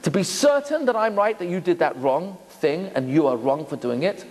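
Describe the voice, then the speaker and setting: A man's voice: sits high, animated, moderate pace, a little mellow, a little hiss or hum. A rabbi giving a sermon, telling stories and asking rhetorical questions, acting out quotes as he goes. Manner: storytelling, asks rhetorical questions, acts out quotes. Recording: reverberant hall.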